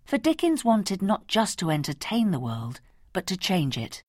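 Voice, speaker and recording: Woman narrating a documentary, lowish husky voice, very dry. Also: no room sound. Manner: measured, expressive. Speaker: documentary presenter. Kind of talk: scripted narration.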